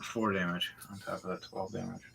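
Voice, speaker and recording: A man narrating a tabletop game as game master, calling out dice rolls and combat turn by turn, with sudden loud outbursts. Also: low-pitched, level tone, a little fast, creaky, a little hiss or hum, rough recording.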